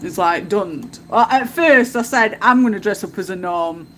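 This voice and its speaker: A woman's voice: medium pitch, moderate pace, fairly bright tone, slight background noise. A woman, hosting a casual livestream at home and telling stories in a chatty way, laughing often. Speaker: livestream host.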